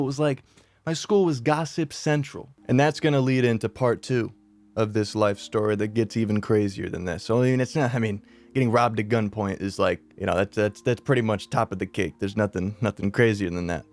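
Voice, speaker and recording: A man's voice: medium pitch, darkish tone, dry recording. A young man telling a story on his channel in a casual, slangy way, swearing often and acting out his friends' lines. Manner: acts out friends' lines in quick voices. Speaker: YouTuber. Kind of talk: storytime vlog.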